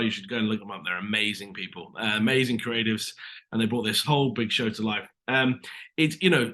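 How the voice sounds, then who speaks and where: Man, British accent, bright voice, chatty interview guest, video call. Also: medium pitch. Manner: chatty, lots of "you know" asides. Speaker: actor guest. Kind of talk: casual interview storytelling.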